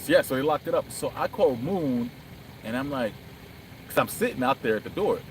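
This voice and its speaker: A vlogger rides through the city, chatting at a normal speed in a medium-pitched voice full of lively intonation. He recounts a story with gusto, acting out the quotes and swearing plenty. The low-quality recording picks up slight background noise.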